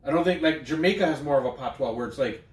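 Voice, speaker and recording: A man's voice: on the high side, fast, far from the mic. A man co-hosting a podcast in casual chat, rambling, swearing and laughing often. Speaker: podcast co-host. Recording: roomy, from off-mic.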